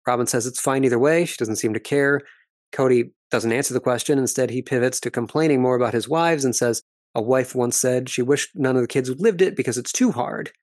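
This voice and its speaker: A man hosting a podcast, recapping reality TV footage in a wry, measured, analytical way. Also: mid-range voice, darkish tone, no echo, studio quality. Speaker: podcast host and commentator.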